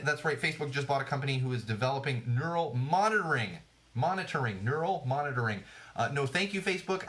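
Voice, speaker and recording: A man's voice: a little high, bright, forceful tone. Male podcast host, jokey and sarcastic, rambling and a bit worn out. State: tired. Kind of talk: casual live-stream podcast chat.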